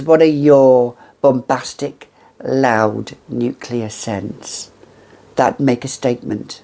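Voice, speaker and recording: A woman in her fifties talks through her perfume collection to camera, unhurried and lingering over her words. Her voice carries a gravelly, creaky edge, and she slips into theatrical, gushing asides as she goes. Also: very deep voice, fairly even intonation, mellow. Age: 50s. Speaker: fragrance reviewer. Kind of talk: casual chat to camera.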